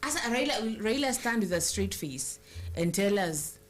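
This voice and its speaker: A woman's voice: medium pitch, sing-song, normal speed, faint music behind. A woman with a Kenyan accent co-hosting a casual live-stream chat, chatty and teasing, switching between English and Swahili. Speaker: co-host.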